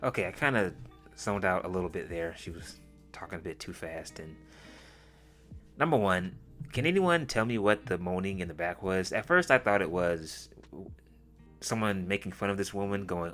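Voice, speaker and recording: A man with a very deep voice delivers crude, mocking reaction commentary. He is blunt and sarcastic throughout. Quiet music sits behind him. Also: expressive, normal speed. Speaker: commentary host. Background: faint background music.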